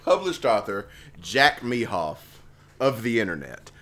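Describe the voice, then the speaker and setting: A man's voice: a little slow, a little hiss or hum. A man co-hosting a casual comedy podcast, joking and laughing often as he chats. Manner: joking, laughs often, lively swings in pitch. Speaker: podcast co-host.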